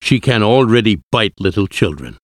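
A man's voice: on the low side, very animated, moderate pace, no echo, clean studio sound. A man reading the part of an elderly vampire-hunting professor, solemn and firm. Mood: grave.

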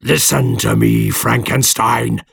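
A man voicing a huge, lonely male monster who pleads slowly and menacingly in an audiobook reading, with a husky, gravelly voice. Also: medium pitch, fairly even intonation, a bit bright, dry recording, clean studio sound, heavily acted. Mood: pleading. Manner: slow, drawn-out pleading delivery. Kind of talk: audiobook character voice.

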